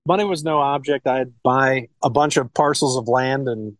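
Casual swearing sommelier. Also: male voice, mid-range voice, moderate pace, no echo, poor audio. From Cincinnati, Ohio, USA. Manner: rambling, frequent restarts and casual swearing. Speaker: sommelier and wine shop owner. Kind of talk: casual interview conversation.

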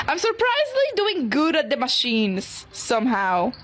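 A young woman giving loud, frustrated gameplay commentary, often yelling at the game. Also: high voice, huge pitch swings, a little slow. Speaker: gamer.

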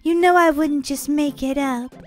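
A woman's voice: high-pitched, steady tone, moderate pace. A woman playing a sick sister in a family role-play game, whiny and pleading. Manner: whiny, pleading, fake sneezes. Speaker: role-player voicing Daisy.

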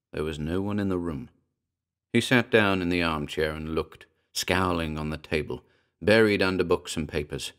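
A man giving a measured, grave, scripted narration of a horror story. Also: low voice. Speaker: audiobook narrator.

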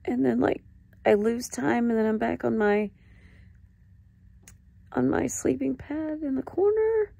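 A woman recording a raw confessional diary clip, halting, upset and close to tears, swearing as she talks. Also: sits high, creaky, dark tone, breathy edge, no room sound. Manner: halting, distressed and ashamed, with swearing. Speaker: vlogger.

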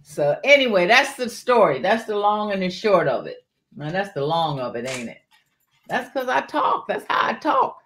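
A woman's voice: mid-range voice, big pitch swings, moderate pace, a little hiss or hum. Chatty woman hosting a live jewelry sale. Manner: chatty, calls out viewers by name, folksy Southern-style warmth in words like y'all. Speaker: live-stream jewelry seller. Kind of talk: casual live-stream sales chat.

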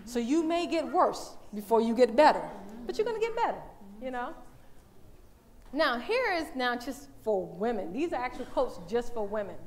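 A woman giving a lively, conversational talk at a church as the women's day speaker, animated and laughing often. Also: a little high, moderate pace.

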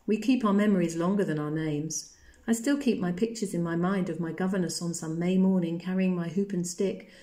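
A woman's voice: fairly low pitch, warm tone, close to an everyday voice. A woman voicing a forlorn ghost child from long ago, who believes he was once a boy, in old-fashioned, wistful speech.

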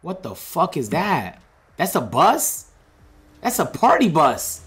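Loud, animated young male streamer. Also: on the high side, takes it slowly. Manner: loud, profane, excitable, talks to chat. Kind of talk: gaming livestream commentary.

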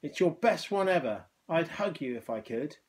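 A man voicing a bright, enthusiastic young girl in a hospital, in a children's storybook reading. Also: on the high side, lively intonation, normal speed, voice pushed up, lightly acted. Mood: delighted.

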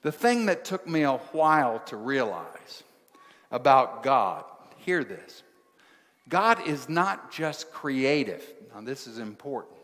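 Male pastor, measured sermon delivery in short phrases, addresses the congregation directly, recorded in a big echoing sanctuary. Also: on the high side, a bit bright. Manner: preaching in short rhythmic phrases, asking the congregation questions. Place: church sanctuary. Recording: large hall with long reverb.

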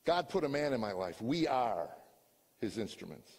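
An older man, a comedian, giving a personal testimony in a storytelling way, dropping to quiet talk and rising to shouts. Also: mid-range voice, very animated, moderate pace, husky, in a large hall. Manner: storytelling, swings from hushed to shouting.

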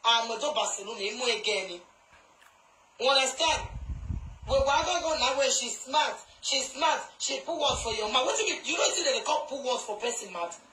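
A woman with a high, piercing voice and a Nigerian Pidgin English accent, lecturing her viewers in a live video rant. She is confrontational and emphatic, hammering points home by repeating them. The recording is echoey, with faint music underneath. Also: expressive, brisk, sharp tone, slight background noise. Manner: confrontational, scolding, emphatic repetition. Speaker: social media commentator.

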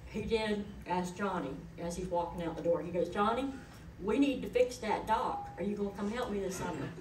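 A woman's voice: mid-range voice, a little fast, noisy background. A middle-aged woman, giving a eulogy in a chatty, folksy storytelling way. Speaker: eulogist, daughter of the deceased. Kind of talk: eulogy told as personal stories. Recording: echoey hall, voice from far off.

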